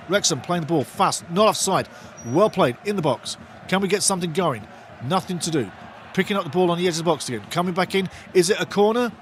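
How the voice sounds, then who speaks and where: A man giving live, partisan football commentary as host of a watch-along stream. He talks in a fairly high voice, swings between calm analysis and excited outbursts, and keeps turning to his viewers. A faint noise hums behind him.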